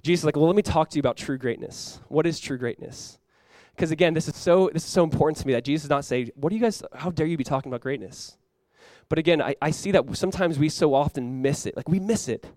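A young adult man preaching a sermon as pastor, animated and acting out playful voices for the disciples. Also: fairly high pitch, quick pace, hardly any pauses, dry recording.

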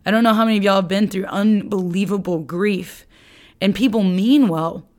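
A woman teaching on lament in a sermon, earnest and emphatic, dropping to a soft, low voice when she speaks prayers aloud. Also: normal speed. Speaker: Bible teacher.

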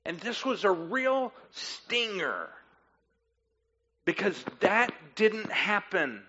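Man, sermon, high voice, slow unhurried delivery, animated storytelling, muffled lo-fi recording. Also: slightly rough. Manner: animated storytelling, acting out listeners and guests. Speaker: preacher.

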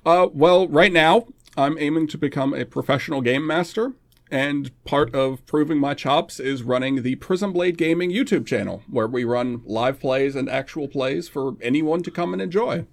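A young man in his twenties, a guest on a podcast, chatting casually with wry, self-deprecating humor and halting fillers. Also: a little high. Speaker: podcast guest, game master.

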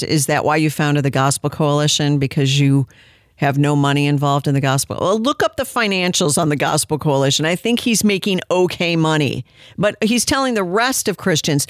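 A woman's voice: sits low, animated, moderate pace, no echo. A woman hosting a talk radio show, giving sarcastic, combative commentary from a studio. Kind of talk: opinionated commentary.

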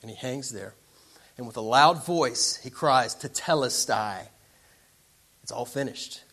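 Bright-voiced preacher man. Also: medium pitch, normal speed. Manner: dramatic, swings from quiet to loud. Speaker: pastor. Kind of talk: sermon.

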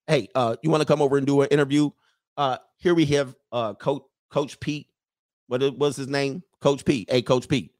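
Male host, comic monologue, sneering and profane, reads viewer comments, average pitch. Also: animated, moderate pace. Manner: mocking, profane, laughing. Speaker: live show host. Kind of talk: casual comedic monologue.

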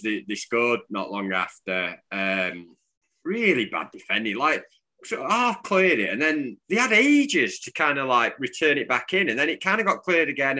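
A man's voice: mid-range voice, pushed and bright. A man from England co-hosting a casual football podcast, rambling and restarting his sentences. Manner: rambling, restarts often, chuckling. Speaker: podcast co-host.

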